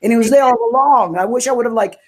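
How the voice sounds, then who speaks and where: A woman's voice: on the high side, quick pace. A woman hosts a casual conversation about faith. She speaks with fervent emotion and fills her sentences with little fillers. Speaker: host.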